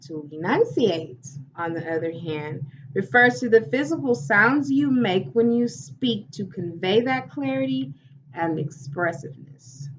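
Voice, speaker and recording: A woman theatre teacher giving a lesson in a slow, deliberate, instructive way. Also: on the high side, lively intonation. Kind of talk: recorded classroom lesson. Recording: dull, distant recording with faint hiss.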